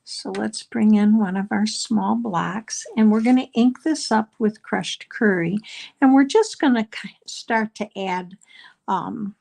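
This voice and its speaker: A woman's voice: medium pitch, slow, vocal fry, a little mellow. A middle-aged woman leading a live card-making class, explaining each step in a chatty way with frequent ums. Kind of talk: live crafting class demonstration.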